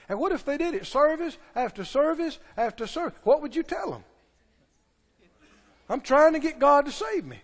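A man preaching a sermon, alternating shouted, slowly stressed lines with quiet mimicry of pleading believers. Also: very animated. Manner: preaching with shouted emphasis and slow, drawn-out stresses; mimics pleading believers in low, soft voices. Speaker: pastor. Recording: long church reverb.

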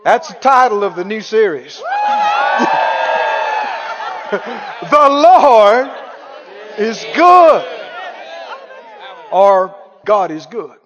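A man preaching a sermon, exuberant, shouting praise and stretching words out for emphasis. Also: high voice, sing-song, very slow, pauses often, dull audio, a faint crowd. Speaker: pastor. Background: congregation.

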